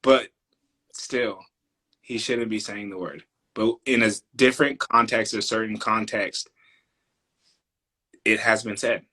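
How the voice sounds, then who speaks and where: A man's voice: on the low side, steady tone, pushed and bright, breathy edge. A man co-hosting a casual podcast, cutting in with loose, profane remarks. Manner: loose, profane, quick interjections. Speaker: podcast co-host. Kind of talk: casual opinion chat.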